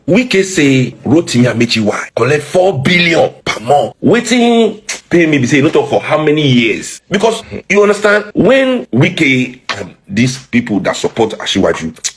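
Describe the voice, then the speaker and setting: A man's voice: on the high side, big pitch swings, normal speed. A man with a Nigerian accent giving mocking political commentary, mixing Pidgin and English and laughing at his own jokes.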